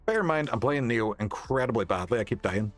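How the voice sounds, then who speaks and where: A man's voice: mid-range voice, expressive, a little fast, no echo. A young Northern Irish man chatting casually while livestreaming a game, thanking viewers and swearing now and then. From Northern Ireland. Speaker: streamer. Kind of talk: casual game streaming chat. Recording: faint background music.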